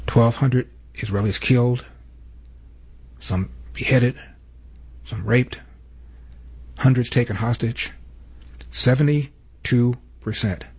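Brief: man, political talk host, measured and pointed, husky voice. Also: lowish voice, a little mellow. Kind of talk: political commentary with played clips.

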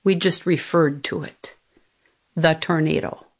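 A middle-aged woman with a deep, steady voice tells a personal family story at an unhurried pace. As an interviewee, she is reflective and conversational, quoting other people's words.

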